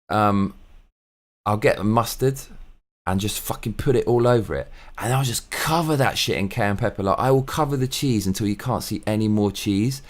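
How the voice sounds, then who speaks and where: Man, vlog host, somewhat low voice, rambling, excitable, casual swearing, home recording. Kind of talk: casual monologue.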